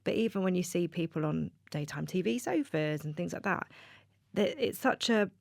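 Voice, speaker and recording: A woman's voice: on the low side, expressive, moderate pace, vocal fry, no room sound, clean studio sound. A woman hosting a podcast, making long, reflective points in an empathetic interview. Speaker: podcast host.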